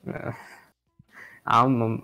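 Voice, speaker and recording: A man co-hosting a podcast in casual chat, rambling with lots of fillers and trailing off quietly at the ends of his thoughts. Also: extremely slow, dry recording, soft background music, poor audio. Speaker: podcast co-host.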